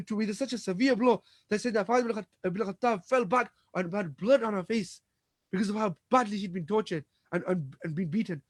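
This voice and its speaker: Dramatically recounting events in a religious storytelling lecture, an Islamic lecturer acts out the dialogue and frequently restarts and repeats words. His voice sits high, and there is no echo.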